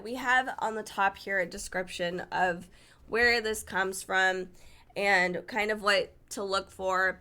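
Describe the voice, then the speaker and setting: In a mid-range voice that's pushed and bright, a woman gives a casual flip-through of a cookbook. She's talkative and excited, and the foreign dish names trip her up.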